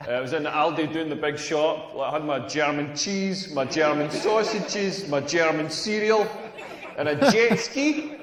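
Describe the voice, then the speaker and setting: An actor playing a cocky stand-up comedian with a Scottish accent, delivering a sardonic, punchy set. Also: male voice, on the high side, a little slow, natural voice. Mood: deadpan jokes. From Scotland. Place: comedy club stage. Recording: echoey hall with long reverb.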